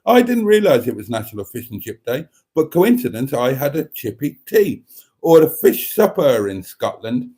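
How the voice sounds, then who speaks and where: A man's voice: medium pitch, very animated, moderate pace, mellow. A man hosting a casual livestream, reading viewer comments aloud with wry, camp asides and frequent laughter. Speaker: livestream host reading chat. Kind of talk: casual live chat.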